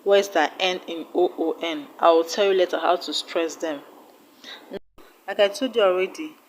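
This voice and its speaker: A woman's voice: fairly low pitch, a little hiss or hum, poor audio. A woman with a Nigerian accent teaching an online exam-prep lesson, patiently repeating each word and sounding it out syllable by syllable. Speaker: English teacher.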